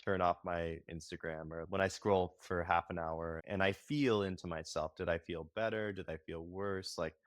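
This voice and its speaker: A man's voice: low-pitched, steady tone, moderate pace, hardly any pauses, dry recording. Reflective man, dry close sound. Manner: reflective, searching, many "like" restarts. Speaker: guest, marriage and family therapist. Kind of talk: casual podcast conversation.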